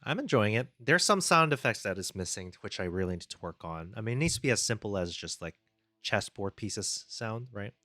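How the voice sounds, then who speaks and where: Fairly low but expressive, his voice is brisk, pushed and bright on a dry recording. He streams game development from a close desk mic, muttering and thinking aloud as he codes, reading chat and casually thanking viewers.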